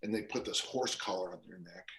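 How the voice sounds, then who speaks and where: A man's voice: deep voice, fairly quick, a bit bright. A man in his sixties, a strength coach talking as a podcast guest in a loose, rambling storytelling way, full of fillers and restarts. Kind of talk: casual podcast interview. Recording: roomy echo.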